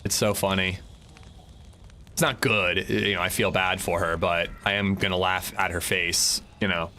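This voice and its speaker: A man's voice: low-pitched, fairly even intonation, normal speed, pushed and bright, slight background noise. A young man chatting casually while streaming a survival game, rambling with frequent restarts and fillers. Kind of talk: casual gameplay livestream chat.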